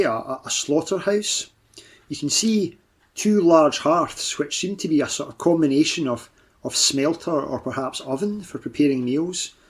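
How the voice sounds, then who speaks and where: A man's voice: a little high, rough recording. A man narrating a tabletop game as game master, describing the scene in vivid detail. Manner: descriptive, halting restarts.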